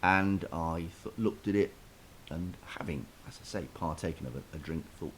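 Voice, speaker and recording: A man's voice: sits low, normal speed, few pauses. A man casually telling a self-deprecating story in a chat, with lots of restarts, over a faint hiss.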